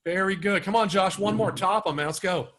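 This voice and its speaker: A man's voice: high-pitched, brisk, fairly bright tone. A man leading a live online sales training, coaching and urging participants on over a video call.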